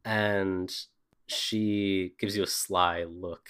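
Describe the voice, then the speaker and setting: A man's voice: on the low side, a little slow. A man narrating as a game master of a tabletop role-playing game, describing scenes with frequent fillers.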